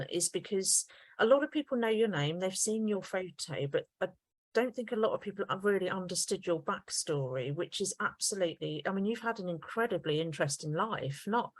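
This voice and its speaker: A woman's voice: lowish voice, dry recording. A woman co-hosting a podcast, praising her guest in long, effusive, running sentences. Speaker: podcast co-host. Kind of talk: casual interview chat.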